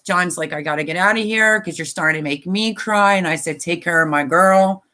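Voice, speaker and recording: An older woman chats casually on a live stream, tired, emotional, and sometimes tearful, rambling with many fillers. Her voice is fairly low, fairly quick, and has a pushed, bright quality.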